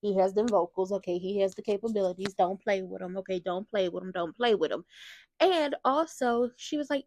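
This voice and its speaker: A woman's voice: medium pitch, a little fast, a little mellow, no echo. A woman hosting a casual soap opera recap, telling the story in a sassy, slangy way and acting out the characters' lines. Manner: acts out characters' lines in quotes.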